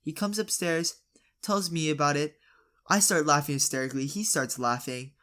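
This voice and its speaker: A teenage vlogger telling a storytime tale in a chatty, exaggerated way with quick asides. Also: medium pitch, a bit bright. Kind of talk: storytime narration.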